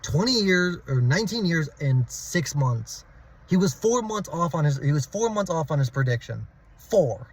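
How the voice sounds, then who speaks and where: A man's voice: fairly high pitch, big pitch swings, normal speed, slightly rough, rough recording. A man hosting a history channel, telling the story in a casual, informal way, often restarting and correcting himself and relishing the dramatic moments.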